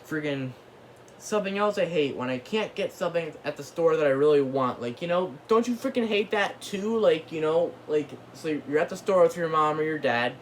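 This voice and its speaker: A man's voice: a little high, lively intonation, normal speed, slight background noise. Rambling man ranting to camera. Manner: rambling, repeats filler words and mild cursing. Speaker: channel host. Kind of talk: casual ranting vlog.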